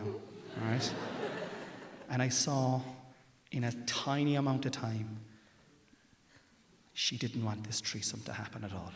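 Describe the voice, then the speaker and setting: Irish stand-up comic in an echoing theatre. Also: male voice, medium pitch, a little hiss or hum. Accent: Irish, Cork. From Ireland. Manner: confiding, building to loud punchlines. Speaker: stand-up comedian. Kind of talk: stand-up storytelling. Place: large theatre stage with audience. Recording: roomy theatre reverb with audience.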